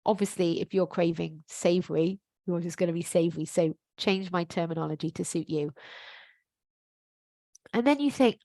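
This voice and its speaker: A woman's voice: lowish voice, moderate pace, dark tone, no echo. A middle-aged woman, a life coach, giving a frank, emphatic motivational talk to camera with some casual swearing.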